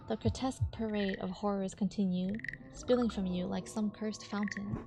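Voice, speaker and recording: A woman's voice: medium pitch, steady tone, moderate pace, few pauses. A young woman streamer reading a horror visual novel aloud, reacting jumpily with squeals at the scares. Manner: jumpy, squeals and shrieks at scares. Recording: background music.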